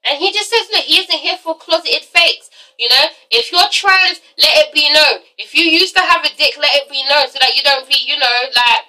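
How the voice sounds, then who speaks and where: Woman vlogger: bright, high, swears freely, chatty recap delivery. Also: normal speed, distant mic, low-quality recording. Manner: profane, chatty, peppered with "all right?". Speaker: vlogger reviewing a TV episode. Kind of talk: casual recap vlog.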